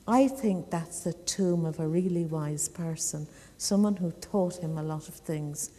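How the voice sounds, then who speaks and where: A woman's voice: sits low, unhurried, mellow, long reverb tail. A woman doing a matter-of-fact passer-by man. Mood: puzzled. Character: puzzled man passing by.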